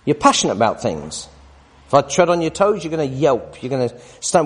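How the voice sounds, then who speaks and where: A man's voice: on the high side, very animated, fast talker. A man in his forties teaching a Bible study in sermon style, emphatic and often tossing tag questions at his listeners. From United Kingdom. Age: 40s. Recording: long reverb of a hall.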